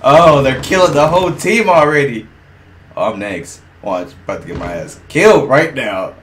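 A man streaming a shooter game, swearing, laughing and reacting loudly as he plays. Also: medium pitch, lively intonation, normal speed, faint music behind. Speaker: gaming streamer. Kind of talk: casual gameplay commentary.

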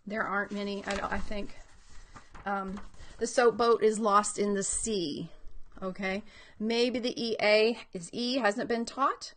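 Woman educator, mid-pitched, upbeat and explanatory, teaching talk on children's readers, thinks aloud. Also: a bit bright. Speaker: reading educator.

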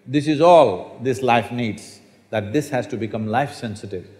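This older spiritual teacher, his mid-range voice slightly mellow and his pace moderate, addresses a hall audience with stories and questions put to the listeners.

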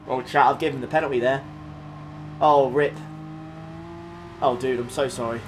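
A young man streaming a racing game, reacting excitably with frequent laughs and quick apologies while talking to his chat. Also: mid-range voice, background noise. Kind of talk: live racing game commentary. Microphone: desktop USB condenser mic.

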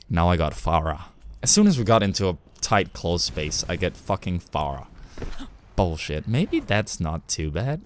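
A young man giving excitable live gameplay commentary, with loud outbursts and swearing. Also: fairly low pitch, a little hiss or hum. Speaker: gamer streamer.

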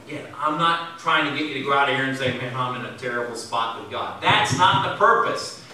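A man preaching a sermon as pastor, swinging from loud emphatic bursts to low, quiet asides. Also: slight background noise. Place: church sanctuary. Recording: very echoey church from far off.

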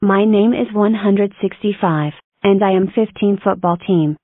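A woman's voice: mid-range voice, unhurried, no room sound, natural voice. Woman voicing a perky counting-block girl. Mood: announcing. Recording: tinny dry lo-fi audio.

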